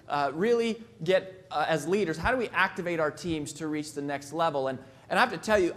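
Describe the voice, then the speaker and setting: Male keynote speaker, a touch high-pitched, joking storyteller at a convention mic. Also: a bit bright. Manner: storytelling, jokey, acts out voices. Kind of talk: live motivational talk.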